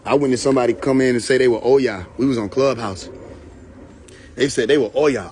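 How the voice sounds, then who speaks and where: Recorded on a phone with a little hiss or hum, a livestream host tells funny stories casually, voicing both sides of each exchange. His voice is medium-pitched and a little mellow, fairly quick, and he laughs frequently.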